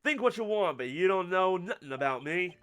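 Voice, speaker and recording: Cocky young game rebel, dismissive and evasive, read by a man with a high, lively voice. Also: brisk, a little hiss or hum. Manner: casual, dismissive drawl, talks with mouth full.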